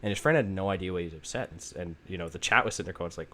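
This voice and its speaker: A man's voice: sits low, racing, fairly bright tone. A man hosting a podcast, rambling in casual chat with lots of fillers and swearing. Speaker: podcast host.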